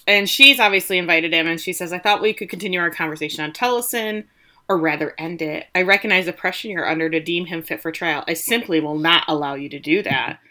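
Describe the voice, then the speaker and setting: A woman chatting through a TV episode recap in a relaxed, conversational way, her voice bright and forward. She slips into quick character voices when quoting lines, and her pitch sits a little low for a woman. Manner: animated, quotes characters in lively voices. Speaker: podcast co-host recapping a TV episode. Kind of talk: casual chat recap.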